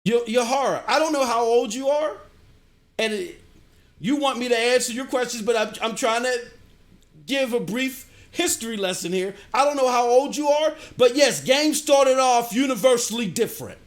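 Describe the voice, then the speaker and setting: A middle-aged man streaming games, ranting and answering his chat in an animated way. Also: very high-pitched, normal speed. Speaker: gaming streamer. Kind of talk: livestream commentary, answering chat.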